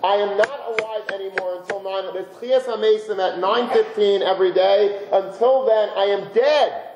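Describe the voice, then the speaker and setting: A man's voice: high-pitched, normal speed, darkish tone, echoey room, slight background noise, voice pushed up, natural voice, low-quality recording. A man voicing an older shopkeeper who earnestly reasons with his wife. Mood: resolute. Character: weary older shopkeeper husband, earnest and resolved.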